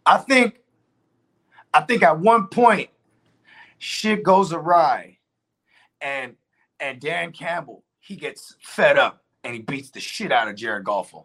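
A man co-hosting a casual sports show, with a high, bright voice. He talks in a loose, slangy, animated way and swears freely. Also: takes it slowly, long pauses. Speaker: sports podcast co-host.

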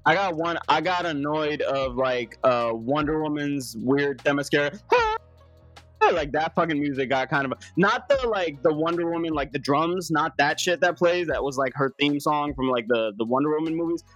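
A man's voice: a little high, moderate pace, a bit bright, soft background music. A man chatting casually about a movie, complaining with lots of profanity. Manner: complaining, profane, laughs mid-sentence. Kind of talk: casual chat.

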